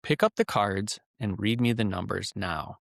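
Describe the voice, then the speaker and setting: A man's voice: on the low side, moderate pace, vocal fry, dry recording, clean studio sound. A man voicing a stern male scam caller who poses as a tax agent, giving cold commands. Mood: barking. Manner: cold, commanding, barks orders.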